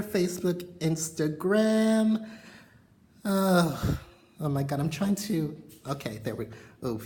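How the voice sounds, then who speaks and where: A woman's voice: lowish voice, dark tone. A woman vlogging from her bedroom, chatting frankly to the camera in a loose, rambling way full of filler words. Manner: frank, rambling, heavy on "you know" fillers. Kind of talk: casual chat to camera. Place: bedroom at home.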